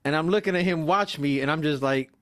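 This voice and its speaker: A man's voice: fairly high pitch, fairly quick, fairly bright tone. A man co-hosting a casual podcast chat, telling stories with a laugh and repeating phrases.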